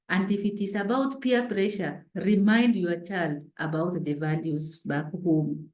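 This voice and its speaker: A woman's voice: lowish voice, fairly even intonation, unhurried, few pauses, darkish tone, reverberant, poor audio. A woman giving earnest parenting advice on a panel talk. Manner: earnest, exhorting. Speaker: parenting speaker.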